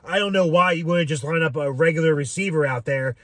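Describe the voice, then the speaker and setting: A man's voice: a little high, fast talker, fairly bright tone, no room sound. A man giving a casual fan reaction to a football game, rambling with frequent "um"s and swearing freely. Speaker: sports fan commentator.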